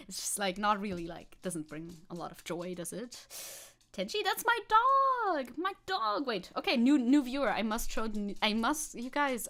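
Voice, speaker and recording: Giggly young woman streamer, high voice. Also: a bit bright. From Germany. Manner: giggly, rambling, reads and answers chat. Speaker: VTuber streamer. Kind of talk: casual live-stream chat.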